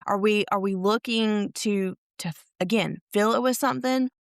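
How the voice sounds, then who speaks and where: A woman's voice: mid-range voice, normal speed, no room sound, studio quality. A woman, co-hosting a faith podcast, telling a personal story earnestly in casual chat. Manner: earnest, acts out quotes of others. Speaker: podcast co-host.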